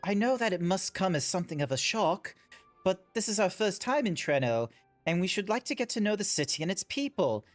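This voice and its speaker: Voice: medium pitch, very animated, pitched above the performer's own voice, lightly acted. Formal, polite game adventurer, read by a streamer. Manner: measured and formal. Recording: background music under the voice.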